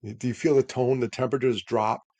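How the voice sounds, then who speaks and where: A man's voice: mid-range voice, fast talker, no echo. A man speaking as a podcast guest, giving earnest advice and acting out bits of dialogue as he talks. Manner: animated storyteller, acts out dialogue.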